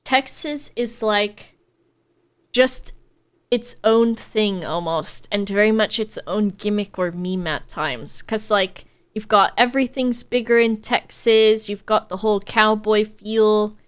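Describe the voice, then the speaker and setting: A woman's voice: medium pitch, slow pace, clear, resonant tone. An American woman co-hosting a podcast, chatting casually and playfully with jokes. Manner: playful, joking, animated. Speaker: podcast co-host. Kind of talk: casual chat.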